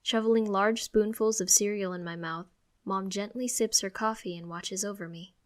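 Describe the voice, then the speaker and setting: A woman reading a first-person audiobook aloud in a mid-range voice. Her narration is expressive and conversational, like a personal diary told out loud. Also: mid-range voice, normal speed.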